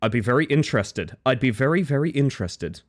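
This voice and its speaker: Guy streaming and chatting w viewers, super lively voice, yelps then mumbles. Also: fast. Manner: chatty, animated, swings from high excited yelps to low mutters; reads chat aloud and answers viewers by name. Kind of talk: casual live-stream chat.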